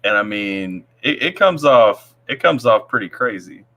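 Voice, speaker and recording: A man's voice: on the low side, expressive, unhurried, a bit bright, highs cut off. A man hosting a casual live stream, reading viewer comments aloud in a laid-back way. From Tennessee. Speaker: livestream host.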